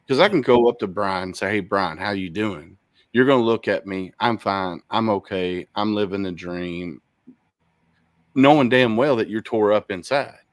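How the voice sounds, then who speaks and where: A low-pitched male host speaks earnestly and deliberately, circling back to stress his main point. His voice is dry and close, with no room sound around it. He talks like a fellow veteran in a casual podcast chat. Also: no room sound.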